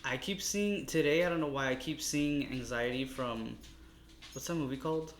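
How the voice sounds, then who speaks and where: A man of medium pitch chats his way through a tarot reading, rambling and calling his viewers his loves. He sounds a touch exasperated. The recording has a roomy echo and a faint hiss behind it. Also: moderate pace. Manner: chatty, meandering, addresses viewers warmly as loves. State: a little exasperated. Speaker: tarot reader. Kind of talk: casual spoken tarot reading. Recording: echoey room with faint noise.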